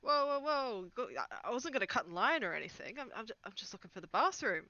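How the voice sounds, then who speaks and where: A man's voice: sits high, very animated, fast, pushed and bright, no room sound, dull audio. A man playing a tabletop game, flustered and sheepish in character. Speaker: player.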